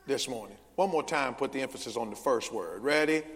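A male pastor preaching a sermon, leading the congregation in call-and-response with loud, emphatic bursts. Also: mid-range voice, brisk, background noise. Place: large church sanctuary. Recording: long church hall reverb.

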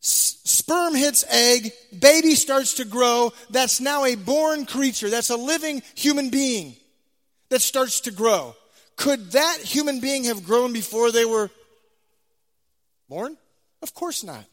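A man delivers an emphatic sermon, driving points home by repeating key phrases. His voice sits very high for a man, and it swings from loud declarations to hushed low endings. A long reverb trails behind his words, as in a large hall. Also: lively intonation, takes it slowly. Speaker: preacher.

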